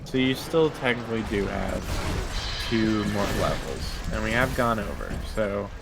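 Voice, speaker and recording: A man's voice: fairly low pitch, animated, a little slow, music in the background. A man co-hosting a casual gaming show, rambling and leaning on "like" as he thinks aloud. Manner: rambling, fills with "like". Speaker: co-host.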